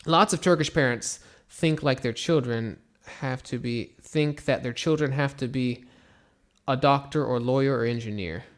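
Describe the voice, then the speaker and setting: A young American man teaching English in a casual live stream, slowly repeating example phrases and answering questions. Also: medium pitch. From United States. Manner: relaxed, slow repetitions of example phrases, mixes in Turkish.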